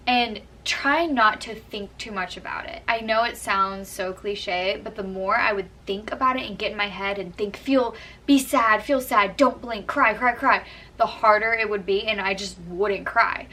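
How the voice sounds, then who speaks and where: Brief: young woman vlogger, chatty and earnest, bright tone, mic a little distant. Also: medium pitch, steady tone, moderate pace. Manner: chatty, earnest, frequent "like" and "kind of". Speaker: vlogger giving acting tips. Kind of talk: casual how-to talk to camera.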